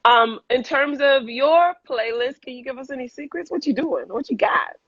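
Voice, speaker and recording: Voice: high voice, normal speed, fairly bright tone, no room sound, dull audio. A Southern host running a casual interview on a video call, speaking in an agreeable way with many fillers. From American South. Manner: friendly, agreeable, filler-heavy.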